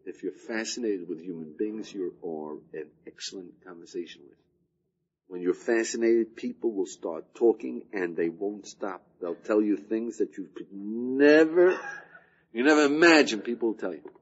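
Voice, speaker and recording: A man's voice: fairly low pitch, normal speed, slightly rough, lo-fi sound. An older man giving a recorded lecture as a rabbi, full of rhetorical questions and chuckles. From United States. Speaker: rabbi teaching a class.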